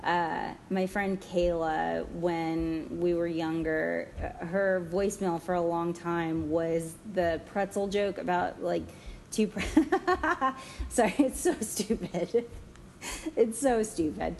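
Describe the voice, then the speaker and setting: A woman's voice: on the low side, slow pace, vocal fry, darkish tone, a little hiss or hum. A woman chatting as an interview guest, rambling with many fillers and restarts and often breaking into giggles at her own stories. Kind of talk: casual interview chat.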